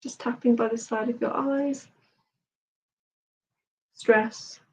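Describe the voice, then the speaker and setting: A woman's voice: on the high side, steady tone, darkish tone, far from the mic, rough recording. Soothing woman guiding a tapping session. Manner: slow, soothing guided instruction. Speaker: therapist and coach.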